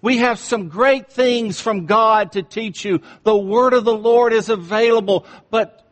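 A man preaching a sermon as pastor, slow and deliberate, dropping his voice low for emphasis. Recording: long reverb in a large room.

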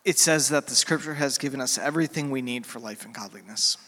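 A middle-aged man preaching a sermon as a pastor, earnest and heartfelt, with pauses and fillers. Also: mid-range voice, bright, forceful tone. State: emotional, near tears. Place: church sanctuary. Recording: church hall with long reverb.

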